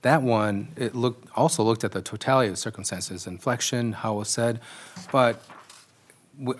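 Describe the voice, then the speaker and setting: A man judge questioning counsel from the bench, reasoning aloud and stammering a little. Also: on the low side. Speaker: appellate judge.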